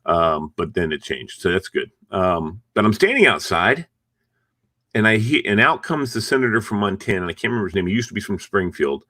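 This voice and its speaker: A man's voice: low-pitched, very animated, fairly quick, sharp tone, no echo, clean studio sound. A male host chatting in an interview and telling rambling anecdotes. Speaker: show host. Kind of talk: conversational interview.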